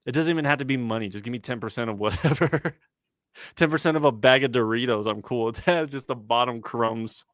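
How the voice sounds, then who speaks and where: Young rapper guest, laid-back slangy storyteller, dry close sound, mid voice. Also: male voice, medium pitch, brisk, a bit bright, dry recording. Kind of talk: casual chat on a livestream podcast.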